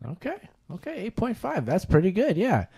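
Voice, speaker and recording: Male co-host, agreeable and upbeat, mellow tone. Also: high voice, huge pitch swings, moderate pace, vocal fry, slightly rough, no room sound. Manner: upbeat, agreeable, reading out reviews. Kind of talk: casual podcast chat.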